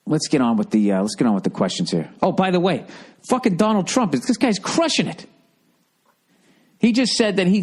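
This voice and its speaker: This is a podcast host and comedian, a middle-aged man whose voice is medium in pitch. He rants and rambles for laughs, swearing freely, dripping sarcasm, and imitating people in mocking put-on voices.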